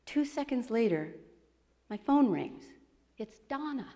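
Presenting her book in an expo presentation hall, a woman tells stories to an audience, animated and acting out quoted voices. Her mellow voice is fairly high-pitched and a little slow, ringing through the big, reverberant hall.

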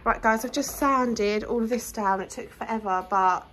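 Young woman, vlogger, fairly high voice, rambling casual chat into a phone with plenty of fillers; noisy home recording. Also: normal speed, fairly bright tone. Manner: chatty, lots of "um" and "like". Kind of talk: casual renovation vlog. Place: home being renovated.

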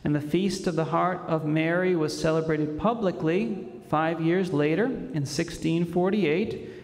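A priest delivering a homily in a measured, reverent manner with frequent pauses. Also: male voice, fairly high pitch, darkish tone. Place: church. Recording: church hall reverb.

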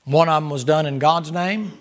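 A male pastor preaching a Bible study sermon, emphatic, full of rhetorical questions, swinging between loud outbursts and quieter asides. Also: fairly high pitch, moderate pace.

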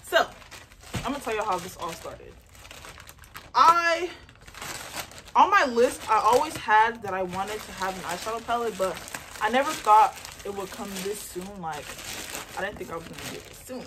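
A young woman chatting casually in an unboxing vlog, excitable and rambling as she talks about her beauty business, recorded on a phone. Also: medium pitch, normal speed, long pauses, a little hiss or hum. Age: young adult. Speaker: beauty entrepreneur and vlogger. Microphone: phone camera mic.

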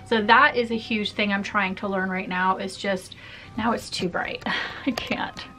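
A woman's voice: medium pitch, steady tone, measured pace, sharp tone, soft background music. A woman in a casual personal vlog, talking openly to camera in a chatty way, with frequent laughs and fillers. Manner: chatty, open, laughs often, many fillers. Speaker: vlogger.

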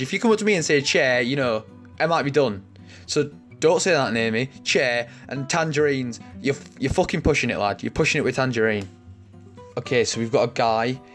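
Sarcastic young man. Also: on the high side. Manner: mock-outraged, swearing, ironic. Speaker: comedy commentator. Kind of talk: sarcastic reaction commentary.

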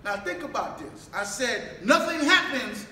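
Very animated yet measured in pace, a mosque minister with a very high, bright, forceful voice preaches in a roomy hall. He keeps asking questions, draws out responses from the congregation, and rises to shouting, all picked up by a distant mic in an echoey space with faint background noise.

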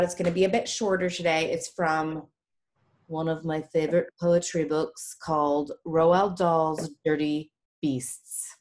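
A young woman who teaches a reading class online, in an upbeat, chatty and encouraging way over a video call. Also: lowish voice. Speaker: reading tutor. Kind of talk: casual online class talk.

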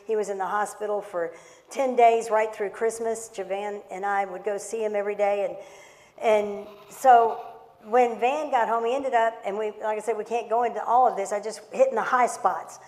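A woman's voice: medium pitch, steady tone, moderate pace, darkish tone. A middle-aged woman pastor preaching a sermon through personal storytelling, impassioned and emphatic, repeating words for stress. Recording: long reverb of a large hall.

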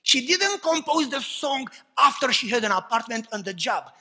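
A man preaching a passionate sermon, swinging between loud cries and hushed, low remarks. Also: lively intonation, moderate pace, breathy edge, big-room sound. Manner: impassioned preaching, swings from shouts to hushed tones.

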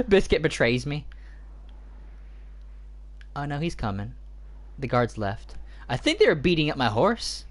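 A gaming host giving excitable let's play commentary, with shrieks and panicked outbursts. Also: medium pitch, takes it slowly, pauses often.

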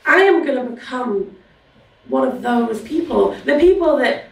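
A woman's voice: high-pitched, expressive, a little slow, gravelly. A woman performing a stand-up comedy set on a live stage, telling an exasperated, sarcastic story about work. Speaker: university staff doing stand-up. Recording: echoey room, distant mic, audience noise. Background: audience laughter.

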